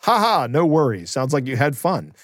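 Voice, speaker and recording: A man playing a wry man who toys with a scammer, in a deadpan, teasing manner. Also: mid-range voice, normal speed, no room sound, clean studio sound.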